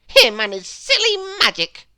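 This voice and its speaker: A small, cheeky prankster of a storybook, put on by a woman reading aloud, pitched way up and squeaky. His voice leaps and dips with glee, a bright, tight sound. He speaks in a close, dry recording. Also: wildly swooping pitch, unhurried, dry recording, full character voice. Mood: grumbling. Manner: giggling, high squeaky delivery. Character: small mischievous male prankster, giggly and cheeky.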